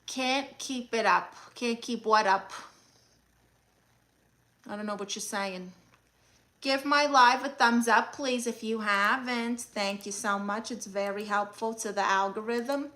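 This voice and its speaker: A woman playing a brash, sassy aunt who hosts a livestream, reading viewer comments with deadpan scolding. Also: fairly high pitch, slow pace. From Brooklyn, New York. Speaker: comedic livestream host character. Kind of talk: mockumentary livestream comedy.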